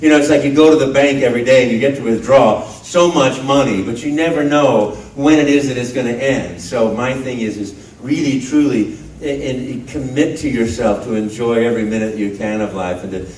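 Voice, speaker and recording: Recorded on a phone far back in an echoey convention hall, a man in his fifties talks to a crowd in a fairly high, lively voice. He is animated and earnest. A faint hiss of room noise sits under the speech. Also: fairly quick, few pauses. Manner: bursts into loud high cartoon voices; earnest and heartfelt when reflecting. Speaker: voice actor on a convention panel. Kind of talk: animated panel talk to an audience. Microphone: handheld phone in the audience.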